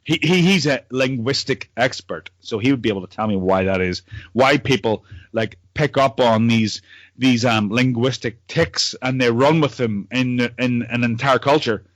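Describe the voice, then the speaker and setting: A man's voice: mid-range voice, moderate pace, no room sound. A Northern Irish man chatting loosely with old friends over a video call. He rambles and stumbles over repeated words, swearing as he goes. His voice sits in a middle range and is recorded dry, with no room sound. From Northern Ireland. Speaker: podcast host. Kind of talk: casual chat among old friends.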